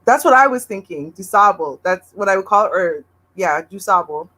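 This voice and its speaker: Co-host, woman, husky voice, agreeable casual asides. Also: medium pitch, animated, brisk, a bit bright. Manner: chiming in with agreement. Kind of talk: casual chat.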